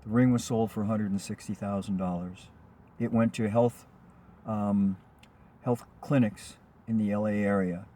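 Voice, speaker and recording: A man's voice: lowish voice, steady tone, normal speed, dark tone, a little hiss or hum. A man, a rideshare driver, telling a personal anecdote in a rambling, chatty way with frequent ums and restarts. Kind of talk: casual spoken anecdote.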